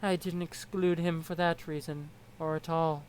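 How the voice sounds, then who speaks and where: A woman voicing a curt, deadpan troll boy. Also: sits low, moderate pace, slight background noise, natural voice, low-quality recording.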